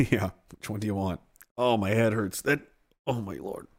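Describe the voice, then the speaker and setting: A man's voice: lowish voice, normal speed. A man hosting a livestream, reading chat and ranting heatedly with lots of swearing. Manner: profane, heated, swings from yelling to groaning.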